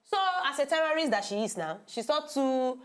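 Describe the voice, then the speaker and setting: A woman's voice: high voice, moderate pace. A woman with a Nigerian accent co-hosting a TV chat show, telling stories with jokey wordplay. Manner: lively storyteller, jokey wordplay. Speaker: TV co-host. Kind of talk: casual chat in Pidgin.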